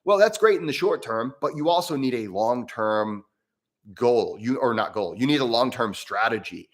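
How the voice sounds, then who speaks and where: A man hosting a live stream on breathwork, answering viewer mail in a casual, rambling way with many restarts and easy laughs. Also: moderate pace. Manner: rambling and chatty, with frequent restarts and self-corrections; animated, with pitch jumping up and down.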